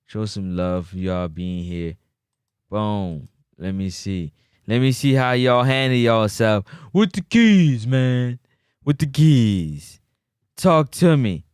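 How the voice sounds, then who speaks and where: Speaking slowly in a lowish, clean voice, a man hosts a casual sports talk livestream and trades animated banter with his chat. It's recorded in studio quality with no room sound.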